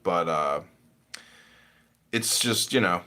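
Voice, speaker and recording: Animated, mocking male podcast host. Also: low-pitched, slow. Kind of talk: casual chat.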